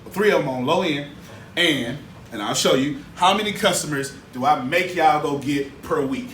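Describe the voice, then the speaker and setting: A man teaching a live seminar as a business coach, energetic and colloquial, drawing call-and-response from his audience. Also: fairly high pitch, normal speed. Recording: echoey room, mic far off, faint hiss.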